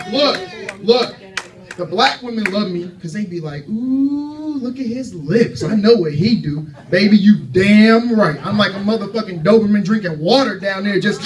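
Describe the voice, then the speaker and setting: A man in his thirties doing a loud, brash, profane stand-up set to a club crowd. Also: high-pitched, recorded from a distance. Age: 30s. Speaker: stand-up comedian. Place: comedy club stage.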